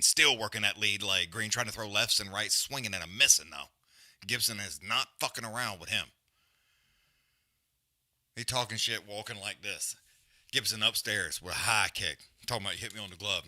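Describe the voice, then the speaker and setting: This man speaks on the low side, his voice pushed and bright, captured dry with clean studio sound. Hosting a live stream of a fight, he delivers a blunt, slang-heavy rant full of swearing, then calls the action, rambling, restarting and trailing off into mutters throughout.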